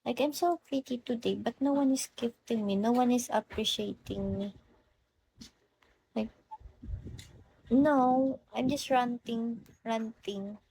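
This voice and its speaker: A woman's voice: on the high side, takes it slowly, creaky, long pauses, warm tone, breathy edge, dry recording, rough recording. A young woman with a Filipino accent, chatting casually on a live stream, greeting viewers by name and slipping into Tagalog phrases. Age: young adult. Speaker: livestreamer.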